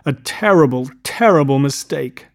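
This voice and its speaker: A man voicing a nervous, awkward young suitor in an audiobook, speaking in tense, halting phrases. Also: medium pitch, lively intonation, gravelly. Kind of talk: audiobook dialogue.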